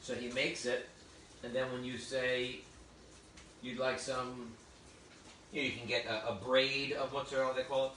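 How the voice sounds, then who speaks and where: A man's voice: medium pitch, flat delivery, moderate pace, pauses often, sharp tone, a little hiss or hum. Chatty, exclamatory man demoing a recipe. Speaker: cooking demonstrator. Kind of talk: live cooking demonstration. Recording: roomy, distant mic with faint ambience.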